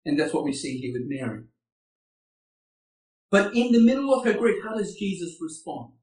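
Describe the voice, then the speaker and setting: A man's voice: on the high side, sing-song, normal speed. A man preaching a sermon, earnest and asking his listeners rhetorical questions. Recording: echoey room, far from the mic.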